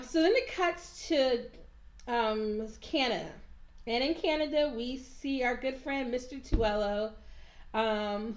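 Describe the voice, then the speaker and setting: Sassy, animated woman reviewer. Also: on the high side, lo-fi sound. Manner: animated, sassy, acts out characters. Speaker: TV recap reviewer. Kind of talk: casual chat. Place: at home, handheld camera.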